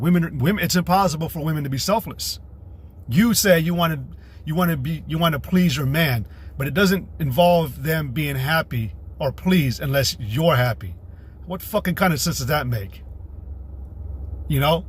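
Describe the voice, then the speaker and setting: A man's voice: fairly high pitch, expressive, moderate pace. A man hosting a livestream, giving a combative, profane religious rant in a rambling way. He reads scripture aloud between scornful outbursts and curses freely. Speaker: livestream host.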